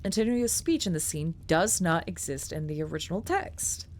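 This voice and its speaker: A woman with a fairly low voice reads a document aloud on a stream. She keeps breaking off into chatty, filler-heavy asides and swears casually. A faint hiss sits under the recording. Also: expressive, normal speed.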